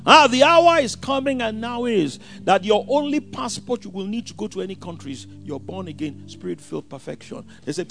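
A man preaching a sermon, swinging from hushed asides to shouted scripture quotes. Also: sits high, expressive, fairly quick, gravelly, few pauses, faint music behind.

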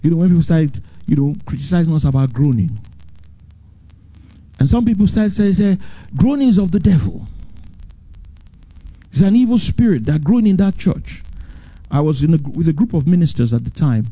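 A man delivers a sermon as pastor, swinging between high, urgent emphasis and low, slow phrases. His voice sits a little above average for a man, mellow and slightly husky. The recording is muffled and lo-fi. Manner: animated preaching, swings from high emphatic lines to low drawn-out ones.

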